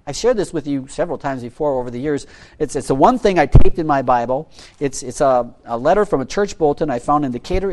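A man delivers a sermon as pastor, his pitch rising and falling in wide, animated swings. He pleads earnestly and fires off rhetorical questions, repeating key words. He sometimes sinks to a near-hush before building back up.

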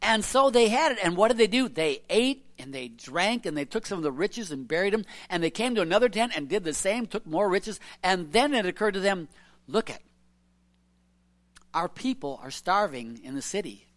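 A preacher giving an informal evening sermon, telling stories earnestly with soft chuckles and asking "isn't it?" and "you know" all the time. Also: mid-range voice, animated, a little fast, few pauses. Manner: chatty, many tag questions and "you know".

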